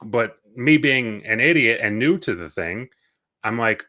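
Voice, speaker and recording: A man's voice: mid-range voice, lively intonation, measured pace, pushed and bright. A man co-hosting a gaming podcast, telling rambling stories in casual chat and correcting himself as he goes. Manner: rambling, self-correcting storyteller. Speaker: podcast co-host.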